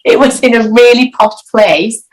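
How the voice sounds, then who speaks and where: A woman, chatting as an interview guest and telling a story with lively acted-out quotes. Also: on the high side, moderate pace, rough recording. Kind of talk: casual anecdotal chat.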